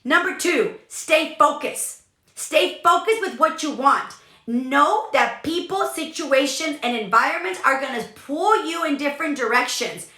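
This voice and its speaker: A young woman gives a motivational talk with lots of emphasis and repetition. Her voice sits high and bright. The room around her is echoey. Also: a little slow. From California. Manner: emphatic, energetic, repeats for emphasis. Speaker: podcast host, business coach.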